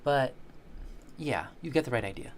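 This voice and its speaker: A woman's voice: rumbling low, expressive, moderate pace, a little hiss or hum. A woman in her thirties from Michigan, chatting on a live stream and telling a rambling, playful story full of restarts. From Michigan, United States. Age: 30s. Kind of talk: casual live-stream chat.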